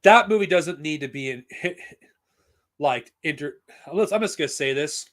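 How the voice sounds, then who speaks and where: A man's voice: on the high side, expressive, normal speed, a bit bright. A man talking casually on a live stream, blunt and profane, rambling with frequent restarts. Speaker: streamer reviewing comics and films.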